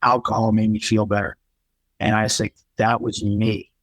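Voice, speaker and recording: A middle-aged man, a podcast guest telling his life story in a candid, animated way, acting out the people he quotes. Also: on the low side, moderate pace, rough recording. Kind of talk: casual storytelling.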